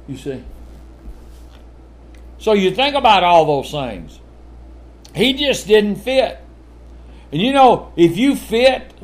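An older man preaches with a slightly high voice that leaps around in pitch. He fires off rhetorical questions and chuckles between points, taking his time as he drives the sermon forward. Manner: animated, full of rhetorical questions, chuckling asides.

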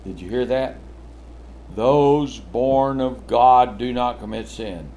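An older man preaching a sermon, animated and full of rhetorical questions, with chuckling asides. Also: medium pitch, slow pace, slight background noise.

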